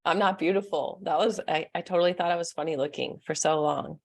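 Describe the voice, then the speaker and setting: Young female spiritual coach, live-stream host; low register with vocal fry, soft, earnest, laughs easily. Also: steady tone, quick pace. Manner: soft, earnest, laughs often, answers chat comments. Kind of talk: casual live-stream talk.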